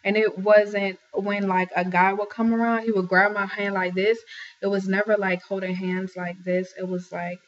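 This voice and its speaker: A woman's voice: mid-range voice, level tone, moderate pace, highs cut off. A young woman earnestly telling a personal story to viewers in a casual way, stopping often to warn them directly. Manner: earnest, advising viewers directly, with many fillers and restarts. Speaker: vlogger sharing a personal testimony.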